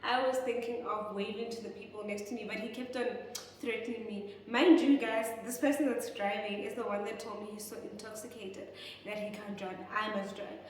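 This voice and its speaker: A woman's voice: on the high side, steady tone, fairly quick, slight background noise. A young South African woman telling a storytime vlog, chatty and talking straight to her viewers. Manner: chatty, keeps addressing viewers as "guys". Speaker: vlogger. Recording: echoey room, far from mic.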